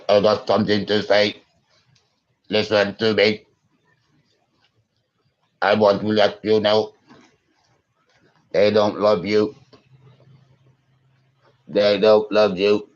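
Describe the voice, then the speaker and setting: A man's voice: sits low, dark tone, highs cut off. A man in his thirties rambling through a live-stream monologue, repeating himself and swearing for emphasis. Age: 30s. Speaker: conspiracy vlogger.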